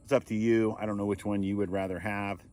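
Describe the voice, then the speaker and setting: A man's voice: lowish voice, level tone, quick pace, a little mellow. A middle-aged man chatting easily from a kayak on a lake, giving tips to viewers on an action camera. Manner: easygoing, chatty, jokey. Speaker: kayak vlogger. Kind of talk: casual outdoor vlog commentary.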